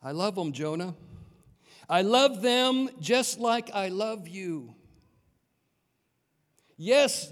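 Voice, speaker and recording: A man gives voice to a patient, loving God who speaks in a slow, tender, pleading way. The voice is high for a man and carries a long reverb from a large hall. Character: patient, loving divine father voice.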